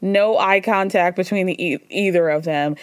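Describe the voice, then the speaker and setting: A woman's voice: lowish voice, normal speed, smooth, no echo, clean studio sound. A woman hosting a casual solo recap podcast, chatty and gossipy, talking bluntly and acting out what others said. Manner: chatty and gossipy, acts out quotes. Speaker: podcast host.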